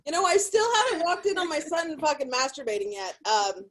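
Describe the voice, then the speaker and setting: A woman's voice: sits high, a little fast, a little hiss or hum, low-quality recording. A middle-aged woman from California doing crude, profane stand-up comedy from a hotel room. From Sacramento, California.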